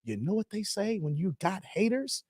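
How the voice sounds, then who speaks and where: Animated high-voiced man hosting a live stream. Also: moderate pace, dry recording, clean studio sound. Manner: loose and animated, drops "man" often, answers chat comments; brash and defiant toward critics. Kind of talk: casual live-stream chat with viewers.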